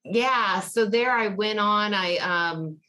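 A woman's voice: medium pitch, slow, pushed and bright. Chatty Southern woman telling stories. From Georgia, US. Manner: chatty storyteller, laughs often. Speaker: podcast guest. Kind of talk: casual interview chat.

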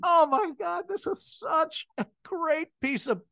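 A woman's very high voice, slow, bright and pushed with vocal fry, comes through with no room sound. Co-hosting a podcast, she laughs a lot while casually picking apart comedic wrestling scenes.

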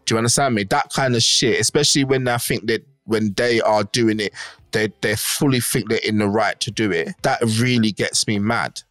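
A man's voice: on the low side, normal speed, fairly bright tone, no room sound, faint music behind. Emphatic middle-aged man. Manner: emphatic, keeps asking "do you understand". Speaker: podcast co-host. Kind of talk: casual chat.

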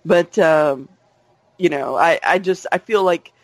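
A man with a notably high voice chats playfully and excitedly, like a devoted fan. His voice is dry and close to the mic. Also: slow, dry recording. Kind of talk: casual chat about a TV trailer.

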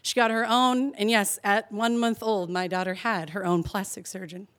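A young woman telling a personal story to a live audience, chatty and animated, laughing and peppering her talk with "like". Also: mid-range voice, moderate pace.

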